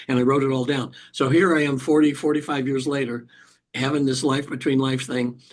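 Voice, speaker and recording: Husky older man telling a story. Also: medium pitch, fairly even intonation. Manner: halting, with frequent restarts and throat clearing. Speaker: hypnotherapist guest. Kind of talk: emotional personal storytelling in an interview.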